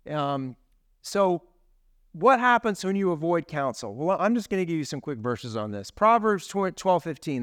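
A man's voice: a little high, very animated, normal speed, fairly bright tone, dry recording, clean studio sound. A man preaching a sermon as a pastor in a conversational way, tossing in tag questions and casual asides.

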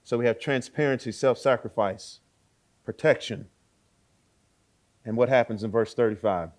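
A man preaching a sermon, with dramatic swings between loud exclaiming and hushed words and rhetorical questions to the listeners. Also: medium pitch, normal speed.

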